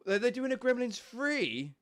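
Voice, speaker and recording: A man's voice: very high-pitched, very animated, moderate pace. A young man with a stuffy, snotty nose from a cold, chatting casually and rambling on a live stream, swearing now and then.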